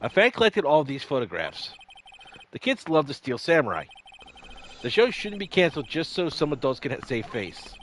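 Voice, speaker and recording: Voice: mid-range voice, sing-song, normal speed, a little hiss or hum, poor audio. A player reading game dialogue during a charity gameplay stream, with dry joking asides. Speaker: gameplay co-host reading lines.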